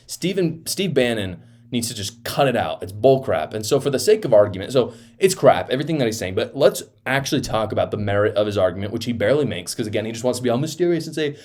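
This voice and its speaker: A man's voice: mid-range voice, darkish tone. A young man giving heated, scornful political commentary, emphatic and fired up.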